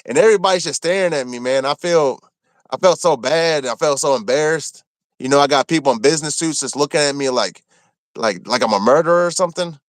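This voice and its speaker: A man from Maryland telling a rough story from his time in prison, cursing freely and acting out what people said. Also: fairly high pitch, brisk, dry recording. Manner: animated, profane, acts out quotes. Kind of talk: casual storytelling.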